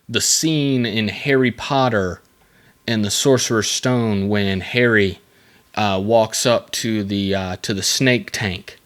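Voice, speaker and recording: A man with a slightly low voice hosts a casual solo podcast. He reads facts from a script, then wanders into loose, joking tangents. He stumbles and circles back often along the way. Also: fairly bright tone. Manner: reads facts aloud, then breaks off into rambling jokey asides; halting, with many fillers and restarts. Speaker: podcast host.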